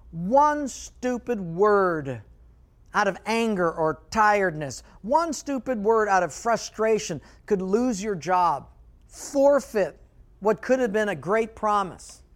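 A man preaching a sermon as pastor, telling stories with animation and dropping to quiet emphasis. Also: high voice.

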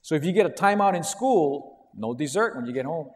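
A man's voice: a little high, animated, brisk. A middle-aged man preaching a sermon as a pastor, telling stories with animation and acting out quotes. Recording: long hall reverb.

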